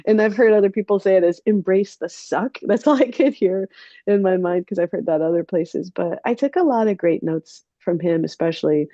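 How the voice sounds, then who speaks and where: A woman's voice: lowish voice, fairly quick, dark tone, dry recording, highs cut off. A woman sharing her takeaways in a casual group chat, rambling with many fillers. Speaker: participant.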